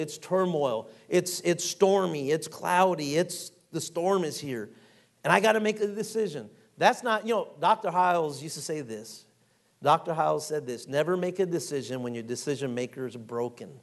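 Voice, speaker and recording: A middle-aged man preaching a folksy, animated sermon, acting out quotes and reading scripture aloud. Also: a little high.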